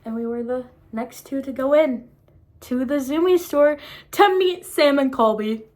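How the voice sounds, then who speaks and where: A young woman vlogging casually, excited and disbelieving, rambling with many fillers as she tells her story. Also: high voice, measured pace.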